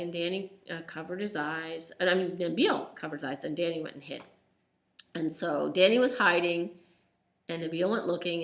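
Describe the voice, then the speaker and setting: A woman's voice: lowish voice, a bit bright. A woman telling a children's story aloud in a casual, unscripted way, with ums and restarts.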